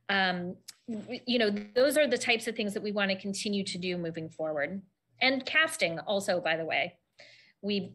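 A woman's voice: medium pitch, sharp tone. A woman hosting a livestream, presenting in an upbeat, chatty way. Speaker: host.

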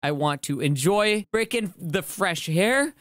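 A man giving casual let's-play commentary as a gaming YouTuber, excitable and panicky, repeating himself in bursts and breaking into yelps and shouts. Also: high-pitched, slow, no room sound, studio quality.

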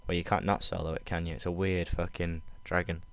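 A young man with a Northern English accent giving sweary, excitable commentary over his own gameplay, slipping into London slang. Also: low voice, brisk, smooth. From Northern England. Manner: sweary, excitable outbursts between mumbled asides. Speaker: gaming video creator.

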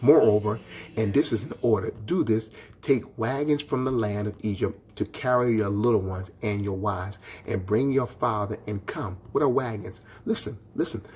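Low-voiced man preaching a sermon. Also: moderate pace, darkish tone, slightly rough. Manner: impassioned preaching, rising to emphatic questions; folksy and direct, talks to viewers by name. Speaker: pastor.

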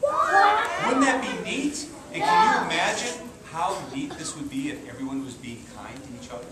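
Lively man teaching a school assembly. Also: on the high side, a little fast. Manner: energetic, coaxing, asks questions and has the kids repeat phrases. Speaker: martial arts instructor. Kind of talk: school assembly talk with call-and-response. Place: large echoey room such as a school gym. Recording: echoey hall from far off with kids' noise. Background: children's voices and room noise.

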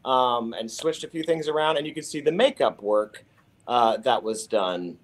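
A man's voice: medium pitch, animated, moderate pace, a little hiss or hum. A man moderating a live virtual panel, asking rambling questions with lots of fillers and restarts.

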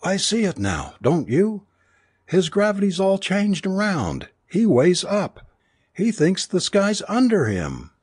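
A man doing a frantic young woman, much higher than his own voice, storybook reading. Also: wildly swooping pitch, slow, darkish tone, breathy edge, no echo, studio quality, heavily acted. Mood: panicked. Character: frightened young woman, shrill and urgent.

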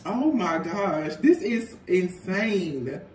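A man giving a casual tarot reading in a gossipy, animated way, often breaking into laughter. The sound is roomy and taken from a distance with a faint hiss. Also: high-pitched, drawn-out words. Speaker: tarot reader.

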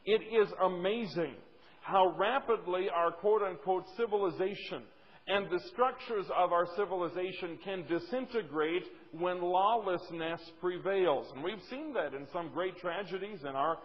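A pastor teaching a sermon from a lesson outline, emphatic, slowing down to stress key points and voicing imagined objections from his listeners. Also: sits high. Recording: dull, lo-fi church recording with long hall reverb.

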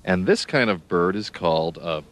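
A man's voice: low-pitched, lively intonation, moderate pace. A man teaching young children animal names, spelling words out letter by letter and asking the listener questions.

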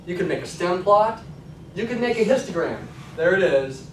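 Male stats lecturer, chatty classroom delivery, somewhat high voice, roomy distant sound. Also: expressive, normal speed, slight background noise. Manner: conversational, frequent "okay?" check-ins. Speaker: college statistics lecturer.

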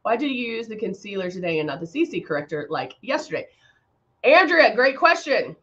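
A woman's voice: mid-range voice, very animated, fast talker, a bit bright, highs cut off. A woman hosting a casual live-stream makeup chat. She rambles, laughs often and reads out viewer comments. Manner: laughs often, many fillers. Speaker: makeup brand host.

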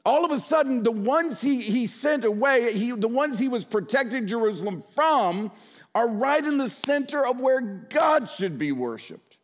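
A middle-aged man preaching a sermon as pastor, swinging between loud outbursts and hushed, earnest passages. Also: very high-pitched, very animated, normal speed.

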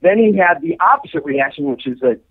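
A middle-aged man, a show's co-creator, telling anecdotes as a guest in a podcast interview, animated and full of fillers. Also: on the high side, brisk, crowd noise. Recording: tinny phone-like line.

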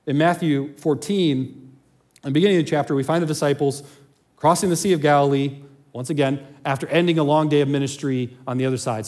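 A pastor preaching to his congregation, a man whose voice sits a little higher than most. He retells the story in a relaxed, conversational way, dropping in asides and small chuckles. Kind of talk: sermon.

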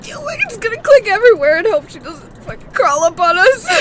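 A woman's voice: extremely high pitch, big pitch swings, fairly quick, fairly bright tone, slight background noise. A woman streamer commentating on a horror game, frightened, screaming and swearing as she plays. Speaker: gaming streamer.

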